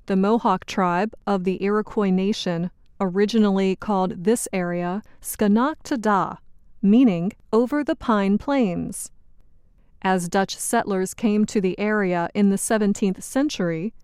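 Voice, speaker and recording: A woman presenting a scripted educational program, in a clear, measured, teacherly way. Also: medium pitch, mellow, no echo, studio quality.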